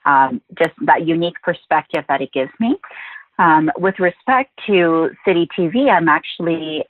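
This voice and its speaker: A woman's voice: low voice, normal speed, dry recording. A woman journalist from Quebec, a guest on a podcast interview, telling her stories with animation and acting out the voices of the people she met. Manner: animated storyteller, acts out quoted voices. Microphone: phone. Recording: tinny phone line, dry.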